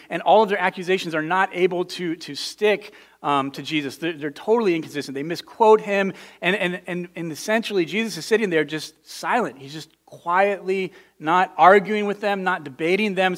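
Male pastor, high voice, earnest conversational sermon, repeats words. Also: fairly bright tone. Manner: earnest, emphatic, often repeats words when restarting.

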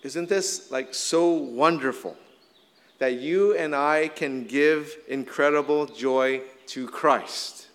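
A middle-aged man, a little hoarse from shouting, preaching a casual, conversational sermon full of "like" fillers. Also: a little high. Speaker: pastor. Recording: long hall reverb.

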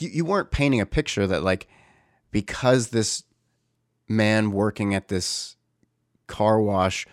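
A man's voice: fairly low pitch, no room sound, clean studio sound. A young man candidly recounting a family conflict in casual speech, often stopping to correct himself. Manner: candid, searching, restarts often. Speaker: storyteller. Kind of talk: casual personal storytelling.

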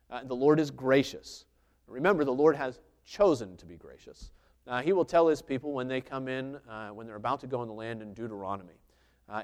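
Man preaching in an unhurried way. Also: medium pitch. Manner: unhurried, thinking aloud, many filler sounds. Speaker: preacher teaching a Bible passage. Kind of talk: conversational sermon.

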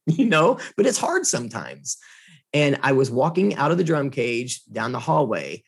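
A man, a guest in a conversation, telling a personal story in an animated, earnest way. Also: medium pitch, moderate pace, vocal fry, slightly rough.

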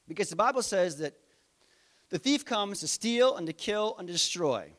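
A man's voice: high-pitched, expressive, normal speed, fairly bright tone. A middle-aged man preaching a conversational sermon, asking his listeners rhetorical questions. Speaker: pastor.

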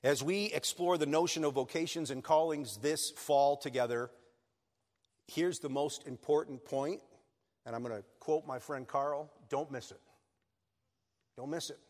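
A man's voice: on the high side, a little slow, a little mellow. A man preaching a sermon as pastor, earnest and building to emphatic peaks. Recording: long reverb of a church hall.

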